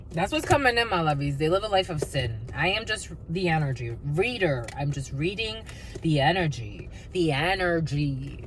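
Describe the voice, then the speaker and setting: Profane, lively woman reading tarot. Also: on the low side, slight background noise, poor audio. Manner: blunt, profane, sing-song asides and mocking put-on voices. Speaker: tarot energy reader. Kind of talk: casual tarot reading monologue.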